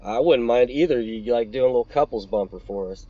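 A man's voice: mid-range voice, fast, warm tone, highs cut off. A man co-hosting a podcast, talking bluntly and swearing freely in casual chat. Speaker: podcast co-host.

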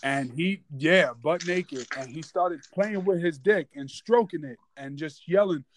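A young man from New York, hosting a casual chat and telling a story in a relaxed way, with many "like"s. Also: a little high, measured pace, a little hiss or hum. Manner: laid-back, filler-heavy, many "like"s. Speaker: host.

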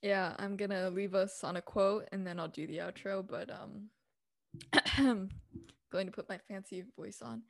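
A woman's voice: medium pitch, fairly even intonation, a little slow, vocal fry, no echo, studio quality. A young woman hosting a casual podcast, chatty and giggly with informal slang. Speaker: podcast host.

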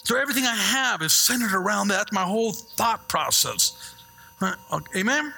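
A middle-aged man preaching a sermon as a pastor, telling stories with lively asides and checking in with the congregation. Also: high voice, moderate pace, gravelly, breathy edge, soft background music. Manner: animated storytelling with call-and-response asides.

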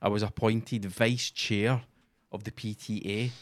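A Scottish man co-hosting a podcast, chatting casually and telling sweary, animated stories. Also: lowish voice, a little slow. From Scotland. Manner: sweary, animated storytelling with acted-out quotes. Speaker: podcast co-host. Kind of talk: casual chat.

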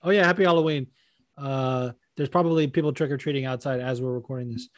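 A man's voice: medium pitch, steady tone, fast talker, dry recording, clean studio sound. A man from Las Vegas co-hosting a podcast, chatting in a laid-back way and swearing casually. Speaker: podcast co-host.

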